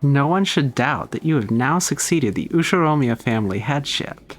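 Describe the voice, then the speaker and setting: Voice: mid-range voice, animated, moderate pace, a little hiss or hum, lightly acted. A player voicing a grand, haughty witch, speaking in a lofty, theatrical, old-fashioned manner while reading a visual novel aloud. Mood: reassuring.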